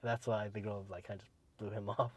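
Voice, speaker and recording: A man's voice: lowish voice, level tone, a little fast, breathy edge. Rambling male podcast co-host. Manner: rambling, many "like"s, trailing off quietly. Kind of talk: casual podcast chat.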